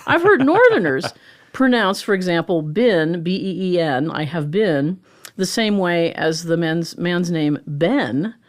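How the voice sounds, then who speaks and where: A woman, a professor explaining linguistics in a lively conversational way and often asking "right?". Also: lowish voice. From Pittsburgh, USA. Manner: animated and chatty, explains with rhetorical "right?" and quick laughs. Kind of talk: conversational lecture in an interview.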